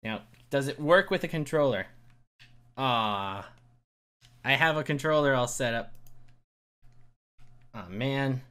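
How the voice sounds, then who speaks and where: A man's voice: mid-range voice, lively intonation, slow, long pauses, sharp tone, smooth. Chatty man narrating his gameplay. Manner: chatty, reacting as he plays. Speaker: gaming channel host. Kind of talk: casual let's-play commentary.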